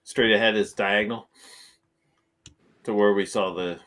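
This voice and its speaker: A man's voice: fairly low pitch, fairly even intonation, measured pace, a bit bright. A man playing a tabletop game in casual chat, hesitant and full of ums and restarts. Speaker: player.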